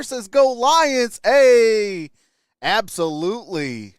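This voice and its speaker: A man's voice: high-pitched, lively intonation, slow pace, clear, resonant tone, no echo, clean studio sound. Upbeat man hosting a live stream. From Michigan. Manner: upbeat, greets viewers by name, frequent "hey". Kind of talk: casual live-stream chat reading comments.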